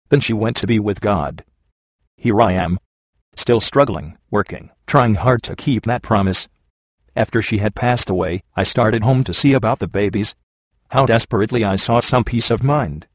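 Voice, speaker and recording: A man reads a first-person life story aloud in a steady, measured way. His voice sits low. The recording is dry and close, with no room sound. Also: no room sound. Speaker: narrator. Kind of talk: reading a memoir aloud.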